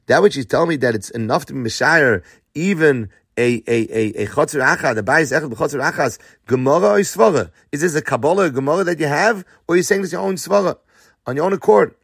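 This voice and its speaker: A man's voice: on the high side, quick pace, breathy edge, no echo, studio quality. A man teaching a Talmud lesson, reading Aramaic phrases and then explaining them in English, posing questions and answering them himself.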